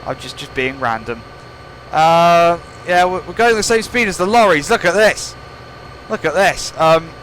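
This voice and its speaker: A man's voice: a little high, lively intonation, normal speed, a bit bright, slight background noise. A young man giving rambling, playful commentary over gameplay, joking at his own expense. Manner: rambling, playful, self-mocking. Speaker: gaming channel host.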